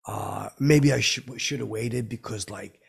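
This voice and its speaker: Guy with a super gravelly husky voice, stammers, rambles thru a funny story. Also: medium pitch, measured pace. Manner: stammering, repeats himself, brash. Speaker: comedy podcast host telling a story.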